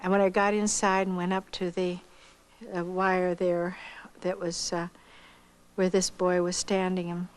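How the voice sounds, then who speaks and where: An older woman and missionary, telling her own life story in an unhurried, folksy way with pauses and soft hesitations. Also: on the low side, level tone, clear, resonant tone, rough recording. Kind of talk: personal storytelling.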